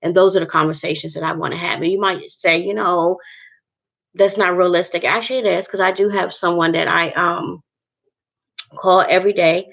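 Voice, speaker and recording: Earnest woman rambling to her viewers, low gravelly voice, kinda muffled lo-fi sound. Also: fairly even intonation, fairly quick, fairly bright tone. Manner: earnest, rambling, repeats herself. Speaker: vlogger. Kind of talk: casual talk to viewers about faith.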